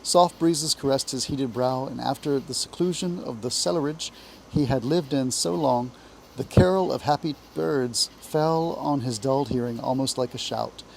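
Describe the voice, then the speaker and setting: A man from Appalachia with an Appalachian accent, reading a classic children's book aloud in a measured, expressive way. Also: medium pitch, gravelly, a little hiss or hum, poor audio. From Appalachia, US South. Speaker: reader, teacher.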